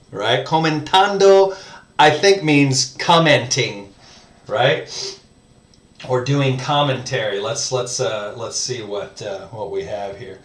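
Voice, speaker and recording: A man talks slowly through a casual language lesson, thinking out loud and stopping often with "um" and "right?". His voice sits at an ordinary middle pitch. The room around him is echoey. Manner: slow, thinking aloud with many fillers and "right?". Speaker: language learner teaching viewers. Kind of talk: casual screen-share lesson.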